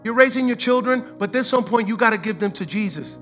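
A male pastor preaching a sermon with passion and casual slang, swinging between shouted declarations and hushed scripture reading. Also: extremely high pitch, animated, fast, soft background music, low-quality recording.

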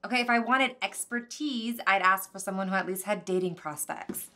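An actress playing a defensive, sharp-tongued young woman in a scripted series, snappy and exasperated. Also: mid-range voice, normal speed, lightly acted. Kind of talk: scripted web-series acting.

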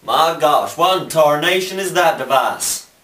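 Close to his everyday voice, with medium pitch and normal speed, a man performs an old-timey bartender in an amateur comedy sketch. He puts on a folksy Southern drawl and addresses people with a courtly "sir" and "son." Recorded roomy and faintly noisy on a camera mic at a distance.

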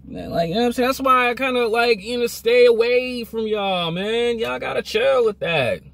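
A man's voice: extremely high pitch, normal speed, gravelly, a bit bright. A young man vlogging a motivational rant, emphatic, repetitive and scolding.

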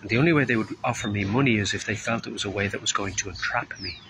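A man giving an informal, earnest sermon as a street preacher, unhurried and drawing out his words, sometimes acting out the voices of people he quotes. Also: on the low side, noisy background.

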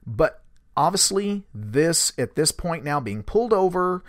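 A man's voice: a little high, big pitch swings, a little slow, dry recording, studio quality. A man on a podcast recounting a witness's story in a conversational storytelling manner, with fillers and quoted dialogue. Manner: retells events with quoted dialogue, fillers like "uh" and "you know". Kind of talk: storytelling narration.

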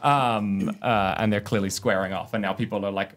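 A man narrating a tabletop heist game as game master, halting often with fillers and restarts. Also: lowish voice, steady tone, a bit bright, faint music behind.

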